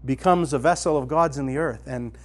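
A man's voice: mid-range voice, fairly quick. A man giving a conversational teaching talk at a retreat, telling a story with energy and addressing the room directly. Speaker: retreat speaker. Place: meeting room with a live audience.

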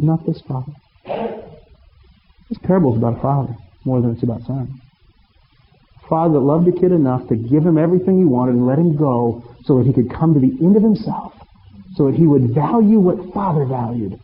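A middle-aged man preaching a storytelling sermon as pastor, animated and humorous, acting out bits of dialogue. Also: a little high, brisk. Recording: reverberant hall, muffled with faint noise.

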